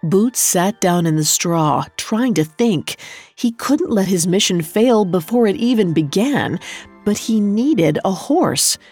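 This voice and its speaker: A woman telling a folktale in a measured, scripted storytelling delivery. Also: mid-range voice, animated, a little mellow, breathy edge, faint music behind. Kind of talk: scripted narration.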